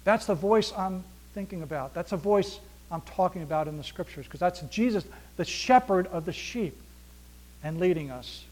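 Pastor guy preaching, fairly high voice, goes loud then drops way down quiet, acts out little back-and-forths. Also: lively intonation, moderate pace. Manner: swings between loud emphasis and near-whispered hushes; acts out dialogue with God, asking rhetorical questions. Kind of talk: sermon.

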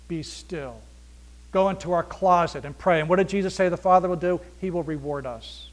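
A man preaching a sermon as pastor, swinging between loud emphasis and near-whispered hushes, acting out dialogue and asking rhetorical questions. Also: sits high, moderate pace.

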